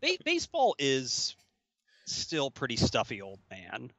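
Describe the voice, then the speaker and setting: A man's voice: medium pitch, wildly swooping pitch, slow, sharp tone, no room sound, muffled recording. A man hosting a podcast in casual chat, rambling and laughing often. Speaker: podcast host.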